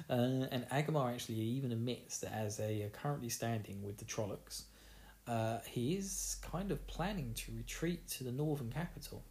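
Essex bloke chatting through a book recap, mellow voice, cracks himself up doing the characters. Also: male voice, mid-range voice. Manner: jokey, laughing, acts out character lines. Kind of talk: casual chat.

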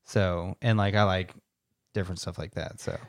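Low male co-host, loose rambling delivery, heavy on fillers. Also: fairly even intonation, normal speed. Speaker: podcast co-host. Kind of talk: casual chat.

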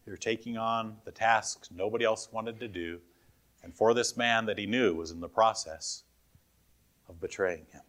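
A man's voice: lowish voice, moderate pace, a bit bright. A man preaching a sermon in a conversational way, often asking his listeners questions. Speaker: pastor.

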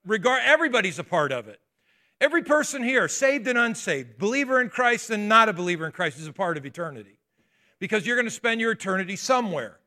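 A man preaching a sermon in a high, bright voice. He talks to the congregation in a conversational way, with asides and restarts. He keeps pressing them with rhetorical questions. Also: very animated, quick pace. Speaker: pastor.

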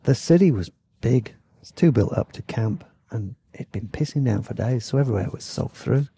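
Yorkshire podcast host, dark gravelly voice, loose chatty storytelling, dry close sound. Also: male voice, medium pitch, animated, normal speed. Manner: rambling, chatty, self-deprecating asides. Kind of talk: casual travel storytelling.

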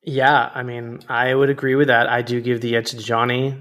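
A man's voice: medium pitch, flat delivery, normal speed, a bit bright. A man with a mid-range voice co-hosts a casual sports podcast. He jokes and teases the others as he talks. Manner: joking, teasing. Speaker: podcast co-host.

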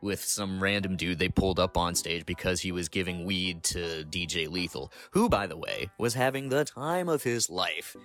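A man's voice: deep voice, a bit bright. A man in his thirties reading an enthusiastic concert review aloud for a podcast. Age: 30s. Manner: enthusiastic storytelling.

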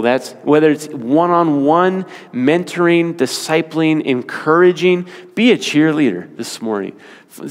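A man preaching a sermon in a church, slowing down and repeating key phrases for emphasis. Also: a little high. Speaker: pastor. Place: church sanctuary. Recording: long hall reverb.

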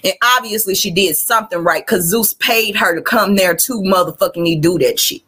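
In a mid-range voice that's husky yet pushed and bright, the Southern podcast host from Arkansas rants on her livestream at a moderate pace. She's blunt and curses freely.

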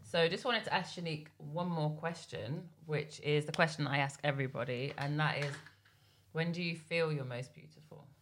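A woman's voice: sits low, steady tone, moderate pace, a bit bright, slight background noise. A woman hosting a podcast, chatting easily and asking her guest questions. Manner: easygoing, asks questions. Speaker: podcast host. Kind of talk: casual interview chat.

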